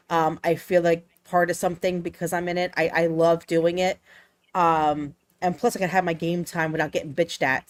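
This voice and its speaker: Woman, guest streamer, deep voice, casual, plainspoken, dry close mic. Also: dry recording. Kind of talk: casual chat.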